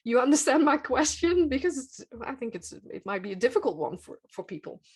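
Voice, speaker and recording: A woman's voice: high voice, very animated, brisk, darkish tone, slightly rough. A woman hosting a podcast interview, thinking aloud as she searches for words and laughing often. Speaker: podcast host. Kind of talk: conversational interview.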